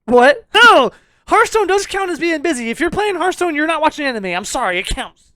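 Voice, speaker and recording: A young man co-hosting a podcast, ranting loudly and swearing in a jokingly abrasive way, laughing as he goes. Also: very high voice, very animated, brisk, no room sound, studio quality. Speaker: podcast co-host. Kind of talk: casual ranting review chat.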